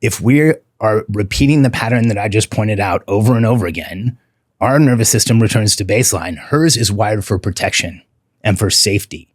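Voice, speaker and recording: A middle-aged man speaks as a podcast guest in a low, husky voice, earnest and heartfelt. He slows down to press on the words that matter. The sound is close and dry, with no room around it. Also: expressive, no room sound. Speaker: podcast guest, relationship coach. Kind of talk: candid interview talk.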